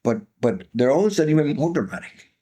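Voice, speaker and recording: A man's voice: fairly high pitch, big pitch swings, fast talker, warm tone. An older man from Cuba with a Cuban Spanish accent, telling his life story earnestly as an interview guest and repeating key phrases for emphasis.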